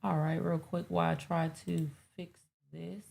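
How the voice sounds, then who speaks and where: A woman's voice: lowish voice, level tone, normal speed, gravelly, mellow. A woman hosting a live show, chatting casually and profanely to her chat while fumbling with her setup. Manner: rambling, profane, talks to chat.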